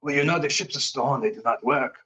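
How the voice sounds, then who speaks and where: A man's voice: medium pitch, brisk, bright, forceful tone, slight background noise, lightly acted. A man voicing a rescued captive with a French Canadian accent, pleading, then muttering in whispers. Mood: hushed ramble.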